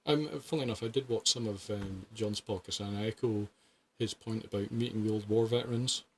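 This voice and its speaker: A man in his fifties, a paramedic guest telling animated stories and laughing often. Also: fairly low pitch, brisk, slight background noise. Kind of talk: casual anecdote telling.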